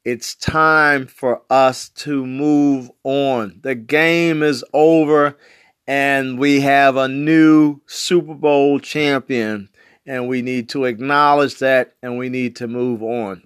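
A man's voice: mid-range voice, slow pace, a bit bright, clear, resonant tone, no room sound, studio quality. A man in his sixties from West Baltimore, delivering an emphatic political commentary monologue with repetitive, slangy phrasing. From West Baltimore, USA. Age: 60s.

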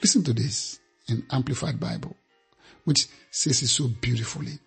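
Male preacher, emphatic and repetitive delivery, raspy tone, mid pitch. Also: moderate pace, a bit bright, faint music behind. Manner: emphatic, repeats phrases for effect. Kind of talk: sermon.

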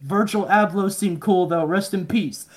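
A man's voice: high-pitched, measured pace, heavy background noise. A man, a podcast guest, telling rambling stories in casual chat, swearing often and mumbling the voices of people he quotes.

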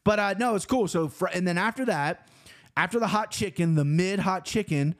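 A man's voice: sits high, moderate pace. A man from Cincinnati telling a loose, profane, rambling story, recapping his weekend in casual talk. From Cincinnati, Ohio, US. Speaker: vlogger.

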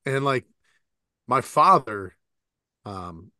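A man's voice: mid-range voice, sing-song, extremely slow, sharp tone, clean tone, no room sound, studio quality. A man in his forties co-hosting a podcast, telling stories in a rambling, laughing, profane way. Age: 40s. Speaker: podcast co-host. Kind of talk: casual chat.

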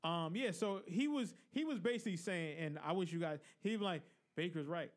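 A man with a slightly high voice on a sports podcast. He chimes in casually and readily agrees with the others. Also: fairly quick. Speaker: podcast co-host.

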